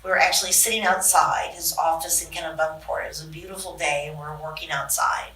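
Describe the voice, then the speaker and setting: A woman's voice: deep voice, fast. Older woman telling stories in an echoey room. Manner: lively storyteller, acts out the people she quotes. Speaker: interview guest, longtime aide. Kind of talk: anecdotal storytelling in conversation. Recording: echoey room, distant mic.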